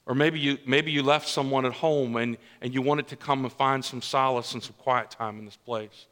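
Bright-voiced preacher in a reverberant church. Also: male voice, medium pitch, fairly even intonation, normal speed. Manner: conversational preaching with repeated restarts and "right?" tag questions. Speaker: pastor. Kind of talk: sermon. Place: church sanctuary.

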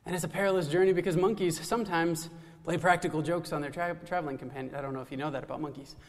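A man's voice: on the high side, fairly even intonation, rapid-fire. A man casually retelling a folktale, loose and chatty with restarts and asides. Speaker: storyteller. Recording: long hall reverb.

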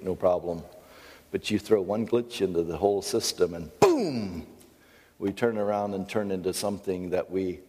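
A middle-aged American pastor giving a folksy, conversational sermon with storytelling asides. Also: male voice, sits low, mellow, big-room sound.

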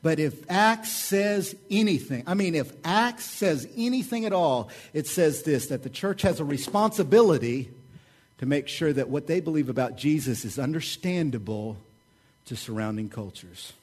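A man preaching a sermon with a Southern American accent, joking and animated, his voice swinging louder when he mocks others. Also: fairly high pitch, normal speed. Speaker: pastor. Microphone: website recording of a church service.

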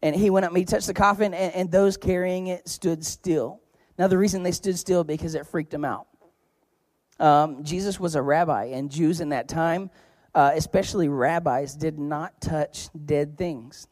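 A man preaching a sermon as pastor, talking in a conversational, joking storytelling way with sudden loud bursts of emphasis. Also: a little high, fairly even intonation, moderate pace, no room sound, studio quality. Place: church.

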